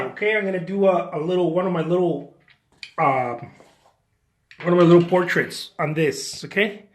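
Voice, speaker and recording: A chatty man with a fairly high, bright voice talks through an art demonstration. He jokes and boasts in a playful, self-mocking way. The sound rings a little in an echoey studio room. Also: slight background noise. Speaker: artist hosting a drawing demo.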